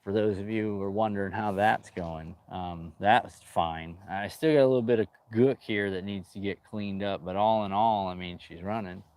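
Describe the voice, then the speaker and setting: His voice sits on the low side, a little mellow and smooth, moving at a moderate pace with few pauses. Outdoors on his boat, the restoration vlogger chats with viewers, rambling and joking and saying dude a lot.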